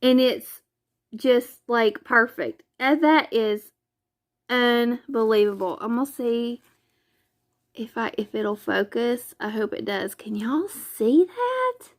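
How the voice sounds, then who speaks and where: A craft vlogger chats casually, gushing and exclaiming often. Her voice is fairly high and animated, and she speaks slowly.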